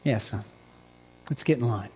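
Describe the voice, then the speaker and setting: A man voicing a gentle, patient father who speaks softly and reassuringly to his young son. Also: moderate pace, slightly rough, poor audio. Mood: warm. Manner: soft, low and reassuring.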